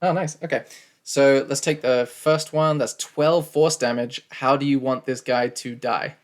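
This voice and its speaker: A man's voice: medium pitch, fairly even intonation, measured pace. A man running a tabletop game as game master, describing scenes with frequent laughs. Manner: laughs often, describes scenes with many fillers.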